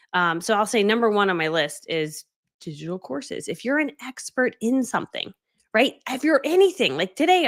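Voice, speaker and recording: Fast-talking animated woman on a livestream. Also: fairly high pitch. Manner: animated, acts out quoted dialogue. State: watery eyes. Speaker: online business coach. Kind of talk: casual livestream storytelling.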